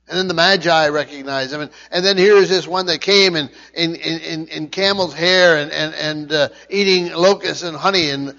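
A man preaching a verse-by-verse Bible teaching, stumbling and repeating words, his voice rising loud and then dropping quiet. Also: fairly high pitch, long reverb tail, highs cut off. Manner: halting, repeats words often, swings between loud and quiet. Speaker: pastor.

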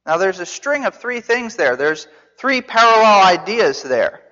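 A man's voice: high-pitched, expressive, moderate pace, pushed and bright. A man teaching a Bible sermon as a pastor, conversational, asking his listeners questions with some restarts. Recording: dull sound in a reverberant hall.

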